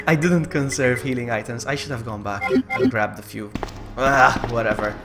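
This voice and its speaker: A game streamer giving casual, jokey live commentary while playing. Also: medium pitch. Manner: chatty, jokey, cries out in alarm.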